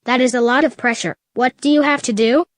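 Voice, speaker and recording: A man's voice: extremely high pitch, steady tone, a little fast, a bit bright, no room sound, clean studio sound. A woman voicing a shy, sad teenage boy fox in a storybook reading, speaking in a subdued, plain way.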